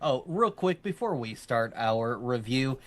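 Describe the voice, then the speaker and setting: An adult army veteran co-hosts a casual live podcast show, speaking at a measured pace in a medium-pitched, slightly bright, animated voice. He's chatty and rambling, laughs often, and teases his partner.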